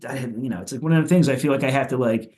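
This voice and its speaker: Racing along in a medium, darkish voice, a Philadelphia punk musician rambles through stories as a podcast guest. It's casual chat, heavy on profanity and "like" fillers.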